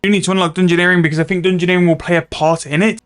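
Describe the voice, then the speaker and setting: A man's voice: sits high, flat delivery, racing, a bit bright, smooth, soft background music. A man chatting casually and rambling about his game progress as a gaming video host. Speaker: gaming YouTuber.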